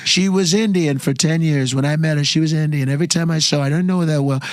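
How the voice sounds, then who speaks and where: A man's voice: fairly high pitch, fast, dry recording, lightly acted. A man putting on a brash, rambling older male politician, repeating himself with exaggerated emphasis. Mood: boastful.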